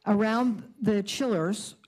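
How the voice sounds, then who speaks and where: Older female resident at public comment, upset and halting. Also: mid-range voice, a little mellow. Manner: emotional, indignant, halting with restarts. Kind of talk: public comment at a community board meeting.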